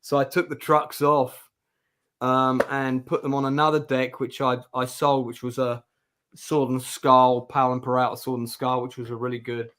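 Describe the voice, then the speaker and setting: Middle-aged male host, rambling and hesitant, mid-pitched, on a video call. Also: flat delivery, normal speed, fairly bright tone. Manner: rambling, hesitant, many ums. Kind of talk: casual chat on a live stream.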